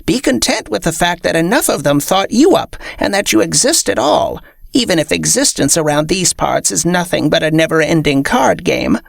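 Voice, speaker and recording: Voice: mid-range voice, expressive, normal speed, gravelly, no echo, studio quality. A reader voicing an old, wry, no-nonsense witch.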